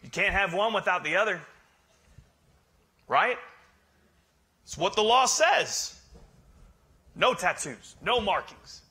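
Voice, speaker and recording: A man preaching with a bright, forceful tone and a slightly high voice. He is a pastor who keeps the sermon conversational and playful and teases his listeners as he goes. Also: animated, takes it slowly, long pauses. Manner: joking, conversational, teasing the congregation. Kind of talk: humorous sermon.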